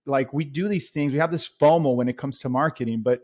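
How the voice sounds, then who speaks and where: A man talking loosely on a podcast, his voice pitched in an ordinary middle register. His speech rambles, full of fillers and false starts. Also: brisk, darkish tone. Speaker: podcast guest telling a travel story. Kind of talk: casual podcast chat.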